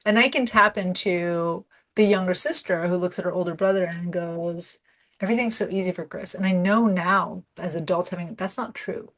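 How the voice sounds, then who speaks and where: A middle-aged woman talking casually as a coach, her voice sitting a little low. She tells stories with energy, slipping into the voices of the people in them. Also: moderate pace, hardly any pauses. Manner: animated storyteller, acts out quoted dialogue. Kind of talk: casual conversation.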